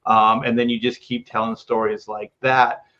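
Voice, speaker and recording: A man's voice: medium pitch, little pitch movement, moderate pace, pushed and bright. Male panelist, opinionated and chatty; dull lo-fi video call audio. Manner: opinionated, uses "like" a lot. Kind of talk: casual panel discussion.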